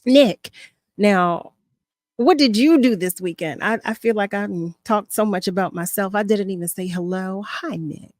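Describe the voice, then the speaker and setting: A woman's voice: mid-range voice, moderate pace, a little mellow. A woman hosting a radio talk show, chatting effusively and repeating phrases with affection. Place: radio studio.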